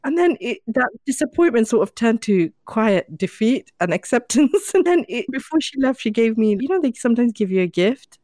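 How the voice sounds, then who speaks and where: Woman guest, lively storyteller, does the voices in her quotes, dry close sound. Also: fairly high pitch, normal speed, hardly any pauses, no room sound. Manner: animated, acts out quoted voices. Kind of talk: casual storytelling chat.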